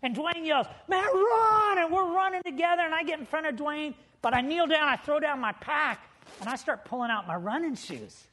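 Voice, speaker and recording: A man's voice: extremely high pitch, normal speed. A man preaching a sermon as pastor, telling stories with humor and building to emphatic points. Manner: lively storytelling preacher with humor.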